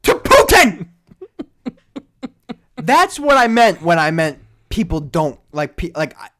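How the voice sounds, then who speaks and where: A young man cohosting a podcast, telling jokey stories in casual chat that drop to quiet mumbles and swing back up loud. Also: a little high, normal speed, a little hiss or hum. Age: young adult. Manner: animated storytelling, jokey, trails into mumbles. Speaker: podcast co-host.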